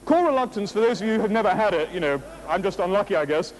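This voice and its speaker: A man, a motivational speaker, giving a jokey, animated speech to an audience, full of rhetorical questions and laughing at his own stories. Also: high voice, quick pace, poor audio. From England.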